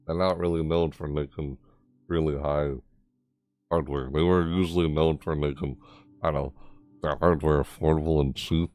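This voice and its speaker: Rambling low-voiced man reacting to a game. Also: flat delivery, normal speed, a little mellow, dry recording. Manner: rambling, easily amazed, many fillers; voice jumps high in surprise. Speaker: gaming YouTuber. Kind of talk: casual game commentary.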